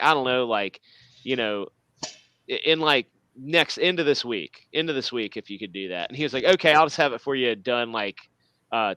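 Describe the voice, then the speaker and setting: Chatty podcast co-host, male, bright crisp tone, dry close sound, rambling. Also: medium pitch, dry recording. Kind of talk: casual chat.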